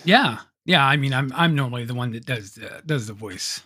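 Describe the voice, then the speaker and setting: A man's voice: mid-range voice, expressive, moderate pace, bright, forceful tone, breathy edge, dry recording, studio quality. Goofy stammering male podcast host. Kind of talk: comedic podcast banter.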